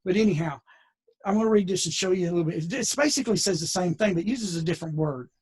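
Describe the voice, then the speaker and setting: A man teaches scripture in a relaxed, conversational way. His voice is a touch high and husky. He wanders off on side remarks and restarts his sentences often. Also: fast. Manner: folksy and digressive, with many restarts. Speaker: Bible teacher. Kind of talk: conversational Bible lesson.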